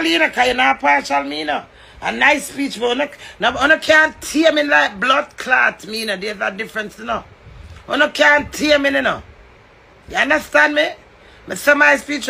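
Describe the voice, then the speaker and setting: Jamaican guy going off in a rant, real gravelly voice, bright and kinda high. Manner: confrontational, swearing, preachy. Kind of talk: heated rant.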